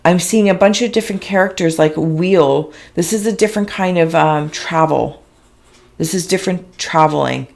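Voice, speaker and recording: Intuitive reader, woman, lowish voice; slow, dreamy, tender delivery of visions. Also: vocal fry. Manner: soft, emotional and tender. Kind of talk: meditative spiritual reading.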